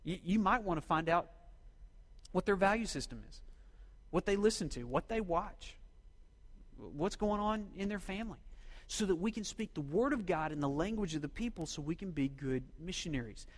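A man's voice: high-pitched, expressive, moderate pace, long reverb tail. A middle-aged man from Oklahoma, a pastor preaching a sermon and drawing responses from his congregation.

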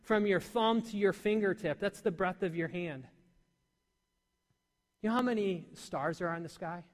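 A man preaching a sermon to a congregation, animated and full of questions to his listeners. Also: sits high, normal speed. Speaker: pastor. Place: church hall. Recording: long hall reverb.

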